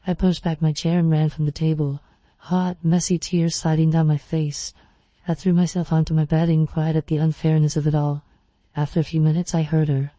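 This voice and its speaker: A narrator giving a measured, even first-person reading of a scary story. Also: mid-range voice, no echo.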